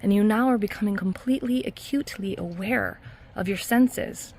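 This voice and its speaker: A woman hypnotherapist talks straight to her viewers in an earnest, encouraging way, with soft laughs along the way. Her voice sits at a middle pitch. A faint hiss of noise runs under the recording. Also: normal speed. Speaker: hypnotherapist and mindset coach. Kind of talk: casual self-help vlog talk.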